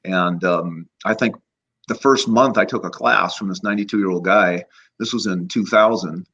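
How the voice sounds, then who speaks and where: A man's voice: low-pitched, moderate pace, breathy edge. Guy in his 50s telling stories, laughs a lot, kinda muffled lo-fi audio. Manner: animated anecdotes, laughs often, acts out voices. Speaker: guest, chiropractor and energy healer. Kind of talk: casual storytelling.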